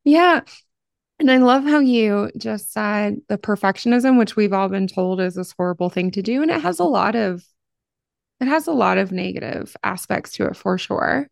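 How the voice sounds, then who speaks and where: A middle-aged woman from Appalachian Ohio hosts a podcast interview, warm in her words and quick to gush. Her voice sits mid-pitch with a gravelly fry. The recording is close and dry. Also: dry recording. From Southern Ohio, Appalachia. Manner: effusive and expressive. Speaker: podcast host. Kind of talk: conversational interview.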